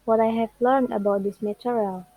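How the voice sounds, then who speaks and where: A young woman, a student with Indonesian as her first language, carefully and haltingly presents on English word stress for class, elongating example words. Her voice is on the high side, warm, and fairly even in intonation; the recording has no echo but is rough.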